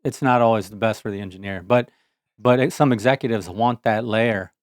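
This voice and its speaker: A man, an engineer, co-hosting a casual tech podcast, speaking in a measured, plainspoken way with many fillers. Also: on the low side, no room sound, studio quality.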